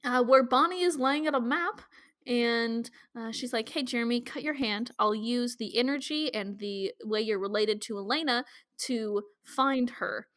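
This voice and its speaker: A woman's voice: fairly high pitch, normal speed, fairly bright tone. A woman from Kansas co-hosting a podcast, recapping a show in casual chat with playful asides and frequent laughs. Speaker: podcast co-host recapping episodes.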